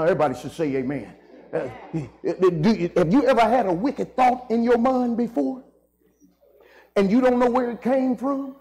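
A man's voice: extremely high pitch, a little mellow, low-quality recording. A man preaching a sermon in a church, impassioned, stretching out key words for emphasis and calling the congregation to say amen. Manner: impassioned, drawn-out emphasis, calls for amens. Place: church sanctuary.

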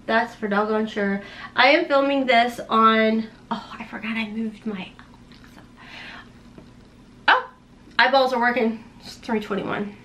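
Woman beauty vlogger, high bright voice, rambling heartfelt chat, folksy. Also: steady tone, a little slow, long pauses, a little hiss or hum. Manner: folksy, with playful slang. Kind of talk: casual chat while doing makeup.

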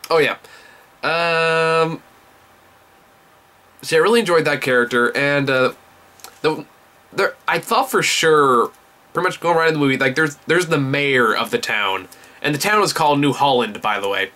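Enthusiastic rambling young man, bright voice. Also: fairly high pitch, moderate pace, pauses often. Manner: enthusiastic, rambling, swears often. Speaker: movie reviewer. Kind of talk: casual vlog review.

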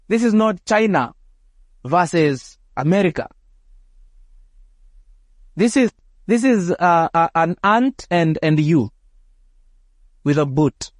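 A man's voice: sits high, no echo, studio quality. A pastor preaching a sermon in a church, emphatic and prone to repeating words as he builds a point.

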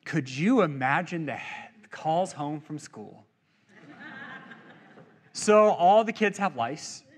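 A male pastor preaching a sermon in a church, animated and jokey, acting out quotes as he goes. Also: a little high, slow.

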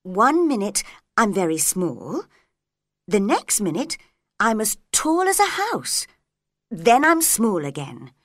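A woman's voice: a little high, fairly bright tone, dry recording, clean studio sound, full character voice. A woman voicing a polite, puzzled little girl in a storybook reading, earnest and courteous.

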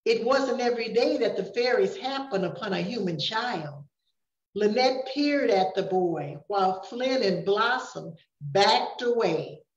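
An older woman reading a children's storybook aloud slowly and gently. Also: medium pitch, animated. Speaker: grandparent storyteller. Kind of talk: reading a picture book aloud. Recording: echoey room, dull sound.

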